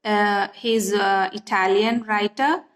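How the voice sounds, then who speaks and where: A woman's voice: mid-range voice, fairly even intonation. A woman teaching literature in an online lesson, patient and repetitive, often checking that students follow. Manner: slow, patient, repeats key points and checks understanding.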